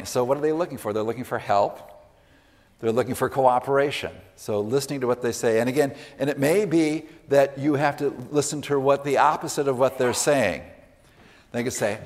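A man teaching a workshop on listening in a gentle, measured way, often letting his voice fall quietly at the ends of phrases. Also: mid-range voice. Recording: reverberant hall.

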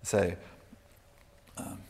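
Gentle man teaching in a reverberant hall. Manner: gentle, measured, often trails off quietly. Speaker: workshop teacher. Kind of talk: teaching a listening workshop.

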